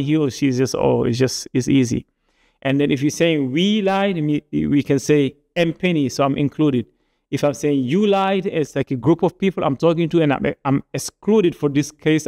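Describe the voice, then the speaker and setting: Gravelly-voiced man teaching a language lesson. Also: mid-range voice, darkish tone. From Niger. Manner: patient explaining with frequent repeats and restarts.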